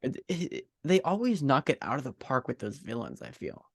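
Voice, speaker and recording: An American man chatting on a podcast, his mid-pitched voice moving in lively swoops. The sound is dry and close. He stumbles through restarts and needles his co-host with dry teasing. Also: fairly quick, creaky, no room sound. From United States. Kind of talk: casual chat.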